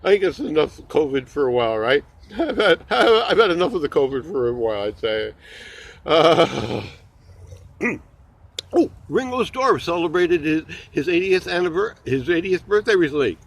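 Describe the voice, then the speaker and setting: A man's voice: a little high, sing-song, normal speed, creaky. A man doing a rambling comedy monologue, full of stammered restarts and jokey asides.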